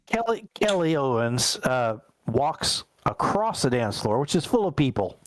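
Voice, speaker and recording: A man narrating as game master of a tabletop game, describing scenes in a relaxed, rambling way. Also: medium pitch, a little slow, a little hiss or hum, poor audio.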